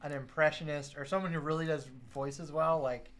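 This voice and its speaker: A man's voice: fairly high pitch, steady tone, fairly quick, fairly bright tone. Laid-back, joking male co-host. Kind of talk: casual live-stream chat.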